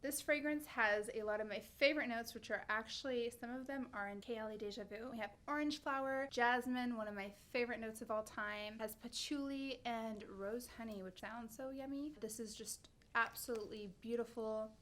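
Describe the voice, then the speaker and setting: A woman's voice: fairly high pitch, moderate pace, few pauses, a bit bright. A woman in her thirties talking casually to camera as a beauty vlogger, gushing with enthusiasm and stumbling over names. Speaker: beauty vlogger reviewing perfumes.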